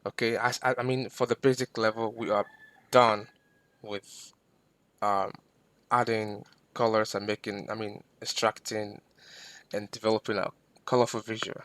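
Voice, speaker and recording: A man teaching a screen-recorded software lesson, patient and step by step, repeating himself with fillers. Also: fairly low pitch, flat delivery, moderate pace, long pauses, dry recording. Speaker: instructor.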